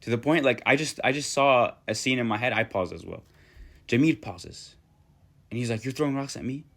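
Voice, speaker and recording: A man's voice: mid-range voice, moderate pace, creaky, fairly bright tone. A man casually retelling an old love story in a slangy, chatty way.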